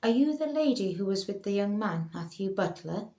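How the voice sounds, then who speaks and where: A man's voice: sits high, lively intonation, moderate pace, darkish tone. A woman voicing a polite, formal male paramedic, apologetic in tone. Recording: roomy echo.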